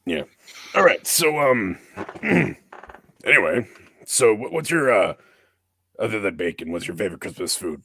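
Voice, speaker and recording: Male host, casual chatter, gruff low voice, dry close sound. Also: lively intonation, normal speed, pushed and bright, no echo. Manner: chatty, runs a poll and asks questions. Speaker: podcast host. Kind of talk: casual chat.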